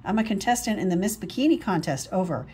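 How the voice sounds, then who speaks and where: Woman reading as a teen boy putting on a coy girl voice, teasing, a bit husky. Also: medium pitch, animated, fast talker, mellow.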